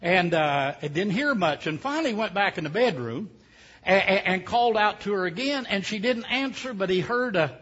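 A man's voice: sits high, animated, normal speed, a bit bright, breathy edge. A man preaching a sermon, telling a folksy, humorous story with many hesitations. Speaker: pastor. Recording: dull lo-fi sound.

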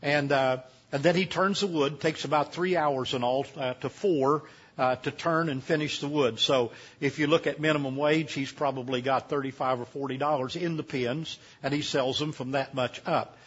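A man's voice: a little high, fairly even intonation, moderate pace, breathy edge, lo-fi sound. An older man, speaking as a guest preacher at a camp meeting in a homespun, rambling way with many restarts. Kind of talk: folksy sermon talk.

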